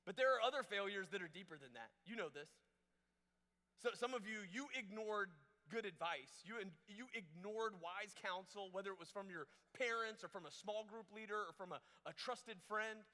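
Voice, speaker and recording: A young man telling a funny story in a youth camp sermon, animated and jokey, acting out what people said. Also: high-pitched, normal speed. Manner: animated, jokey, acts out quotes in different voices. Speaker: camp speaker. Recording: echoey hall reverb.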